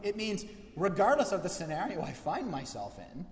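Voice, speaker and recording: A man preaching a sermon as pastor, lively and acting out the voices he quotes. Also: high-pitched, moderate pace. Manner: animated, acts out quoted voices. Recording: echoey church hall.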